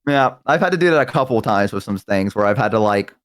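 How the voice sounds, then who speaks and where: Young man, fast talker, animated storyteller who slips into high voices for the people he quotes. Casual chat. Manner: excitable storyteller, acts out friends in quick high voices. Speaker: guest. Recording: live stream.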